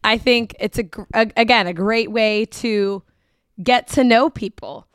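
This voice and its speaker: A woman's voice: fairly high pitch, a little slow, clear, resonant tone, no room sound, studio quality. A woman co-hosting a podcast in casual chat, who laughs often and trails off mid-sentence. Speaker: podcast co-host. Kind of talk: casual chat recapping a reality show.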